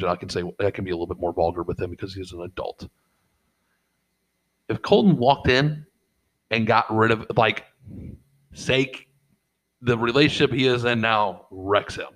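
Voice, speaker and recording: This middle-aged father, co-hosting a casual podcast, has a somewhat low and slightly bright voice. He swears, rambles through his stories, and performs other people's lines, all over poor-quality audio.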